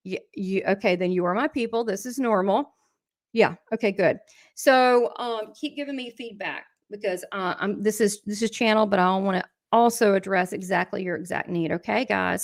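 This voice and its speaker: A woman's voice: medium pitch, dry recording, clean studio sound. A middle-aged woman hosting a casual livestream. She is chatty, laughs often and talks straight to her viewers while reading their comments. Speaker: livestream host and spiritual coach.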